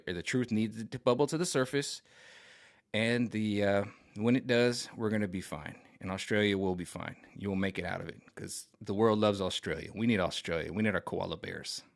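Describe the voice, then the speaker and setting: A man's voice: fairly low pitch, a little fast, creaky. A man giving a casual tarot card reading to his viewers, talking in a rambling, repetitive and emphatic way with many restarts. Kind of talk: casual spiritual vlog reading.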